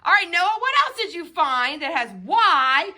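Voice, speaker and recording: A woman teaching a children's phonics lesson in a sing-song way, spelling out letters and sounding out words slowly. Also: very high-pitched, lively intonation, sharp tone.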